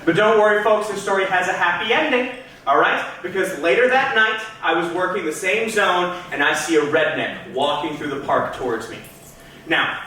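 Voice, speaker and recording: A man's voice: sits high, bright, forceful tone, slight background noise. A man doing stand-up comedy on a club stage, telling a story in a theatrical, punchy way and talking straight to the crowd. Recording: echoey club room, mic at a distance.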